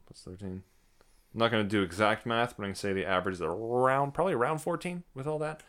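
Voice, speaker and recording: Man, game master, casual tabletop narration, slightly low voice, easygoing. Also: quick pace. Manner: casual, lively, hesitant fillers while describing.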